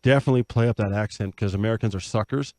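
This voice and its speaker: A man's voice: lowish voice, rapid-fire, a little mellow, no room sound. A man hosting a comedic advice panel, joking and reading listener letters aloud in a raised, upbeat voice.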